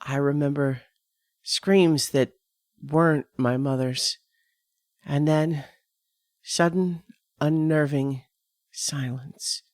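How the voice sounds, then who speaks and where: A woman giving a measured, dramatic first-person reading of a scripted horror story on a close studio mic. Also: deep voice, fairly even intonation, darkish tone, no echo. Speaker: narrator.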